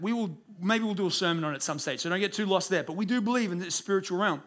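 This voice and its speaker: A man's voice: high voice, animated, fast talker, a bit bright. A man preaching a conversational sermon at a church service. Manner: conversational, rhetorical questions. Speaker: pastor.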